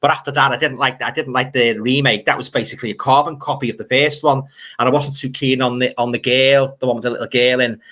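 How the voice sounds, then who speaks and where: An older man with a Liverpool accent hosts a casual livestream, reading viewer comments aloud, grumbling, and rambling about films. He talks fast in a medium-pitched, steady voice with a fairly bright tone.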